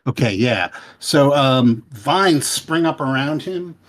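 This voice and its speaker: A man with a mid-range, expressive voice narrates a tabletop game as its game master. He takes his time, pausing often and filling gaps with fillers.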